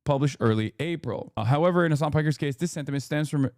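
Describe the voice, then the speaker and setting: A man's voice: on the high side, darkish tone, no room sound, clean studio sound. A man on a live stream, reading an article aloud and stopping to react to it. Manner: reads quickly, breaks off to react.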